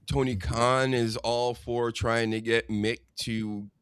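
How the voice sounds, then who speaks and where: A man hosting a casual podcast chat, rambling and chatty with quick asides. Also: medium pitch, little pitch movement, fairly bright tone, clean tone, dry recording, studio quality. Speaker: podcast host.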